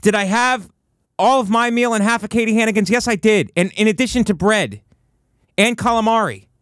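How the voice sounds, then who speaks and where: A man's voice: high voice, a little fast, no room sound. Mock-indignant man, dry close sound. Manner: animated, mock-indignant, acts out quotes. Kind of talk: comic monologue storytelling.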